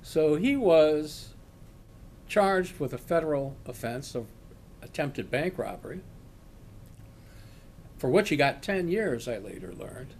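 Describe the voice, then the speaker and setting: An older man, a retired law professor, slowly telling a personal story and acting out the shouts in it. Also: a little high, a little hiss or hum. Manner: slow, animated storyteller acting out quoted shouts. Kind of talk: oral history storytelling.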